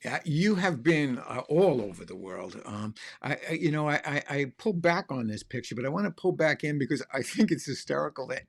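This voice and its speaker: A man hosting an interview, asking halting questions and laughing often. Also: fairly high pitch, lively intonation, creaky. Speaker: podcast host.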